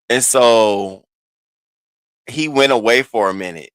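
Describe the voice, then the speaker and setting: Animated man telling a story casually. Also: mid-range voice, slow, long pauses, clean tone, dry recording. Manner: animated, restarts and stammers, swings into quoted voices. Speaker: streamer recounting online drama.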